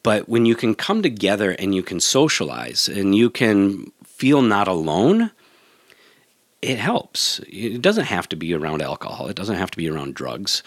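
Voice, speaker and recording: A man's voice: fairly low pitch, sing-song, moderate pace, dry recording, clean studio sound. A man, a yoga teacher, in a casual podcast chat, earnest and reflective, often restarting his sentences.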